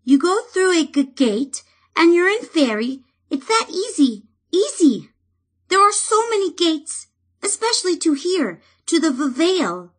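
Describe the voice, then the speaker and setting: A woman voicing a tiny, timid male fairy sprite who stammers and cries in a squeaky voice for an audiobook. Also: big pitch swings, a little slow, heavily acted. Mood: stammering, wistful. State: crying. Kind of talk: audiobook reading.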